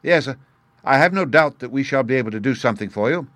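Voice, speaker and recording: A man's voice: mid-range voice, animated, quick pace, fairly bright tone, no echo, voice pushed up, lightly acted. A man reading the part of a frightened male company manager who speaks with forced politeness. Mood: strained courtesy.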